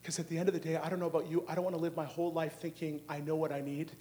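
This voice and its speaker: A middle-aged man preaches a charismatic sermon in a high voice. He drops to a hush on some words and rises to shouting on others, stretching phrases out slowly. He keeps asking the crowd questions. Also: little pitch movement. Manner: dynamic, swings from hushed to shouting.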